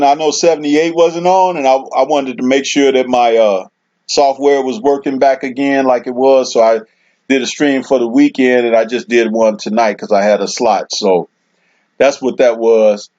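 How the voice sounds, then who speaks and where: A man's voice: fairly high pitch, darkish tone. A man hosting a casual livestream, reading viewer comments aloud and laughing often. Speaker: livestream host reading chat. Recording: dull lo-fi stream audio.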